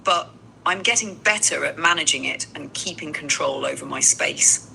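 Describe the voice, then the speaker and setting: A woman's voice: sits low, normal speed, vocal fry, sharp tone, slight background noise, rough recording. A synthetic woman's voice, an AI assistant, speaking in conversational replies and addressing the host by name. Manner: profane, talks straight to the host by name.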